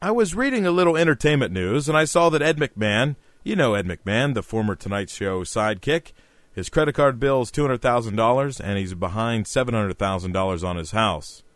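A man hosting a scripted comedy podcast, delivering one-liners deadpan. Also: medium pitch, a little fast. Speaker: podcast host.

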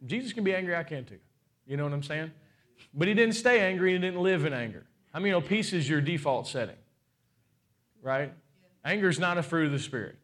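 A brisk pastor in his forties works through a sermon, firing rhetorical questions at the congregation. His delivery swings lively in pitch and loudness, sprinkled with playful asides.

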